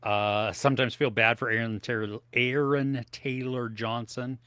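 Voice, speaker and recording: A man co-hosts a live movie podcast from his home office setup, rambling loosely in casual live-stream chat and trying snacks on air. His mid-range voice is smooth and a bit bright, with fairly even intonation, a measured pace, and no echo.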